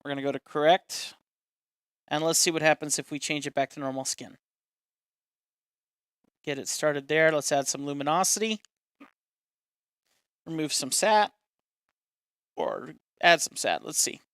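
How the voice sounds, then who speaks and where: A man's voice: fairly high pitch, measured pace, pauses often, fairly bright tone, clean tone, no room sound, studio quality. A man casually chatting on a live stream while demonstrating a caricature drawing step by step, self-deprecating and talkative.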